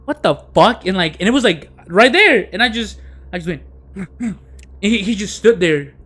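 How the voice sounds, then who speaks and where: A man's voice: sits high, expressive, normal speed, sharp tone, breathy edge. A man hosting a podcast, telling a story in a rambling casual way, full of fillers and dropped-in Spanish words. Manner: drops in Spanish words and phrases. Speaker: podcast host.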